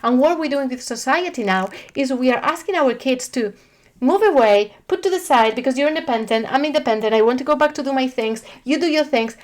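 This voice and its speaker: Woman, 30s, parent coach, casual to-camera talk, chatty, animated, restarts often, slightly high voice. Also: brisk.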